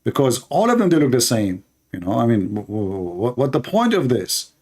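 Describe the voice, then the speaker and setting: A man's voice: mid-range voice, very animated, a little fast, darkish tone, breathy edge. A man hosting a call-in debate, arguing in an emphatic, mocking way. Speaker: host.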